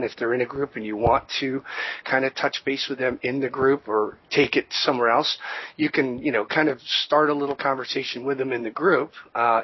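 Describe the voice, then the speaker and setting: A man co-hosting a podcast, talking in a relaxed, rambling way with plenty of fillers and restarts. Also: medium pitch, breathy edge, lo-fi sound. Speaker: co-host. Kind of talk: conversational business podcast.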